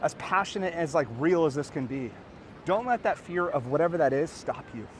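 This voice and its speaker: A man in his thirties, a podcast host and coach, giving an energetic, earnest motivational talk to camera outdoors by a beach. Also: a little high, a little fast, slight background noise. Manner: energetic, animated and earnest, rising to excited peaks.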